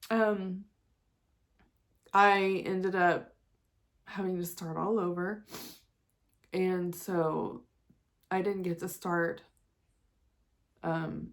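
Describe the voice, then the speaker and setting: Candid rambling woman in her forties. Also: fairly low pitch. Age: 40s. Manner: candid and rambling, with frequent laughs and sighs. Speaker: vlogger. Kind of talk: casual personal vent.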